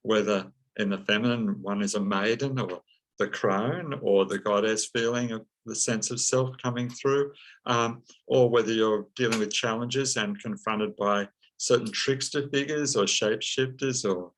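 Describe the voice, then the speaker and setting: Man, lowish voice, interview guest, reflective, hesitant fillers. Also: fairly even intonation, rough recording. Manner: slow, thoughtful, many ums and uhs. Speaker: psychologist and counseling teacher, guest.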